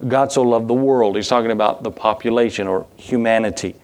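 A man preaching in a church at an ordinary male pitch. He reads scripture and asks the congregation questions, raising his voice on key words. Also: fairly quick, darkish tone. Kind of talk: sermon.

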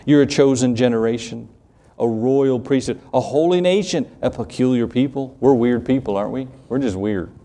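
A middle-aged man with a Southern US accent preaching a sermon in an earnest, conversational way, with quick asides to the congregation. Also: mid-range voice, mellow. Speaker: pastor.

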